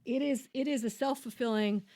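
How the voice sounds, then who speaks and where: A woman's voice: a little high, a little fast, mellow. Woman, podcast co-host, casual explaining, long winding turns. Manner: explains at length, with many restarts and quoted voices.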